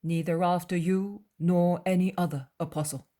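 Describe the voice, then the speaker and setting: A calm, wise male teacher, voiced by a woman reading a dramatized audiobook. He speaks in a measured, earnest and gentle way. The voice stays low and unhurried. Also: natural voice.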